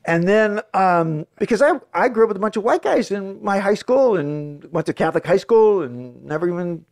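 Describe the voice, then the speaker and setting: Middle-aged American man, gravelly, slightly high, animated raconteur, dry close mic. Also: normal speed, no room sound. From United States. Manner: animated storyteller, acts out quoted voices, swears freely. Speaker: guest actor. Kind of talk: casual storytelling.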